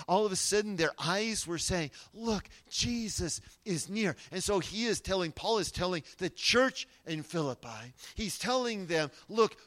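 A man preaching a sermon, swinging between loud emphatic lines and hushed, quiet asides. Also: sits high. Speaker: pastor.

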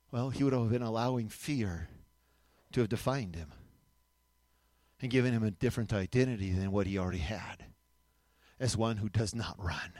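A man preaching a sermon, emphatic, moving between loud declarations and quiet asides and asking the audience to answer back. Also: mid-range voice, dry recording. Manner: asks the audience questions and has them repeat after him.

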